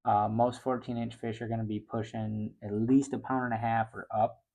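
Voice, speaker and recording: Speaking at a normal pace with a creaky voice, a middle-aged man hosts a fishing show and relaxes into a story. His excitement comes out as a louder, higher pitch.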